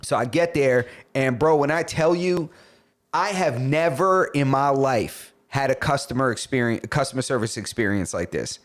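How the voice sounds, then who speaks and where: Animated man telling a story. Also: mid-range voice, moderate pace. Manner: animated, swearing, acts out dialogue. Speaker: podcast co-host. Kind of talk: casual storytelling chat.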